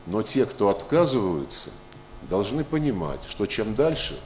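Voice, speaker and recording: A man with a low voice gives measured answers at a press conference, pausing often to gather his words. The sound is echoey, with faint ambience behind him. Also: very animated, a little mellow, a little hiss or hum. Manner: measured, with frequent hesitations. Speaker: visiting foreign minister.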